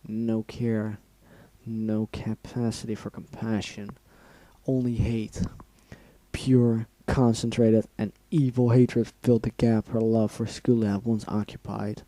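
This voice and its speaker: A man's voice: lowish voice, level tone, takes it slowly, mellow, no echo, rough recording. A man reading a fan-fiction story aloud, stopping now and then to react with feeling. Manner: reads aloud, breaks off to react emotionally and swear. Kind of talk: dramatic reading with asides.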